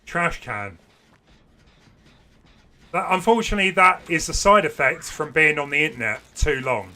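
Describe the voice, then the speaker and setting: A man's voice: on the high side, animated, fairly quick, bright, forceful tone. A man livestreaming a video game, chatting casually and rambling to his viewers. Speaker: gaming livestreamer. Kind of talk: casual chat while streaming a game.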